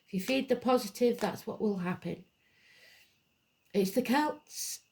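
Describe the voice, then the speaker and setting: A woman's voice: on the high side, darkish tone. A woman giving a live tarot card reading, blunt and emphatic, drifting into rambling asides. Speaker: tarot reader.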